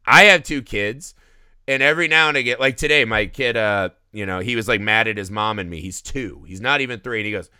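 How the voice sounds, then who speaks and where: A man's voice: fairly low pitch, a little fast, clean tone, dry recording, studio quality. A man hosting a podcast, talking casually and animatedly about a horror film, often tagging his points with "right?". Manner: animated, tags lines with "right?". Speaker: podcast host.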